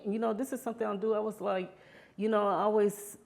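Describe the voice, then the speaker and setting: A woman's voice: mid-range voice, fast, gravelly. A woman sharing her personal story in an interview, heartfelt and often adding "you know" as she talks. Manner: grows animated when reliving past moments. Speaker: interview guest.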